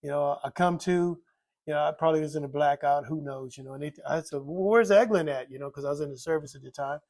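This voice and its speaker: An older man with a gravelly, slightly high voice gives a candid personal testimony about drinking and recovery. He rambles, circles back to repeat his own phrases and leans on constant fillers. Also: little pitch movement, fast, darkish tone. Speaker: recovering alcoholic telling his story.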